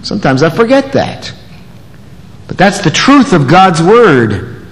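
A man preaching an expository sermon, animated, acting out the voices of the people in the passage. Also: fairly high pitch, slow pace. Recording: long echoey hall reverb.

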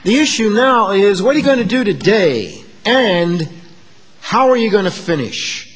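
A man preaching a sermon to his congregation, moving between hushed asides and emphatic, rising declarations. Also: high voice, big pitch swings, a little slow, breathy edge, in a large hall. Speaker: pastor.

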